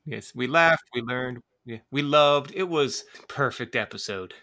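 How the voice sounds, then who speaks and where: A man's voice: mid-range voice, unhurried, sharp tone. A man co-hosting a podcast, teasing his friends in casual chat. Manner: playful teasing. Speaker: podcast co-host.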